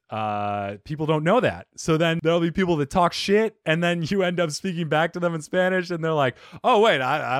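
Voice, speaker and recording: A man's voice: mid-range voice, no echo, studio quality. A man hosting a comedy podcast, joking around and welcoming his guest. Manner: playful, quick to laugh. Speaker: podcast host. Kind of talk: casual podcast chat.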